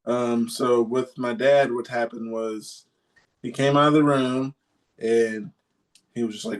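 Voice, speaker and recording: A man's voice: mid-range voice, measured pace. A man co-hosting a podcast, telling a story in a rambling, casual way with lots of fillers. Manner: rambling, many fillers, animated retelling. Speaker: podcast co-host.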